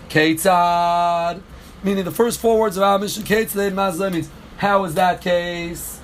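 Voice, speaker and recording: A man with a fairly high voice leads a Talmud class, walking through the text line by line and repeating key phrases. He stops to answer questions from the students. A faint hum of room noise sits under his voice. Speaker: Talmud teacher.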